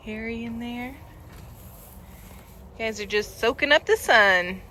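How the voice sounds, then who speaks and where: A woman outdoors on a farm, cooing at her animals in gentle baby talk. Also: fairly high pitch, unhurried, slight background noise. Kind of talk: casual farm vlog.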